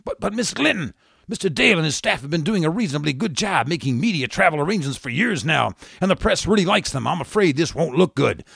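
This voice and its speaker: A man acts a timid male staffer pleading with his boss, pitched a little high and hurried, husky and dry. He does it as one voice in a radio sketch. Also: sing-song, fairly bright tone, no room sound, exaggerated voice. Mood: nervous. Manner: hesitant, pleading. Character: nervous male staff director, stammering objections.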